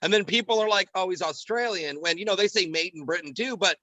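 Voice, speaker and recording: A man in casual podcast conversation, a comedian who talks fast and animatedly. His voice sits a little high and sounds piercingly bright. The recording is dry, with no room sound. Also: dry recording, poor audio. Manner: animated, quick, drops into character voices.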